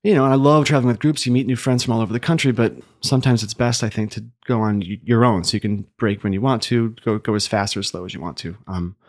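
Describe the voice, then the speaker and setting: A man's voice: on the low side, fast, hardly any pauses. Chatty male sommelier telling a story. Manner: animated storyteller, puts on silly accents. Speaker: sommelier and podcast host. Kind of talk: casual chat.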